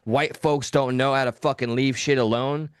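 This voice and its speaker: Male co-host, mid pitch, crisp dry studio sound, profane and blunt storyteller. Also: steady tone, moderate pace, no room sound. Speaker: podcast co-host. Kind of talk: casual live talk show storytelling.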